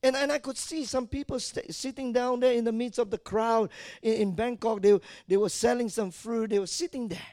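A male pastor with a strikingly high voice, recorded dry and close with no room sound. He preaches with drama, dropping to quiet asides and then climbing to loud shouts. He acts out the people in his stories as he goes. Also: fairly even intonation, normal speed, dry recording. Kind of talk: sermon.

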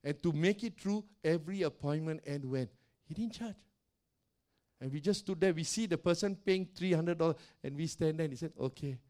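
An older man, a pastor, telling stories in a sermon in a loud, animated way, often laughing and acting out the voices of the people he quotes. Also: a little high, a little fast. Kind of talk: sermon storytelling.

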